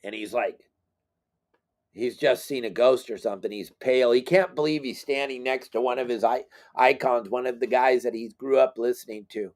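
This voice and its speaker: A middle-aged man, a fishing guide and boat captain, telling stories in a casual, animated, self-deprecating way. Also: medium pitch, moderate pace. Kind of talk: casual storytelling.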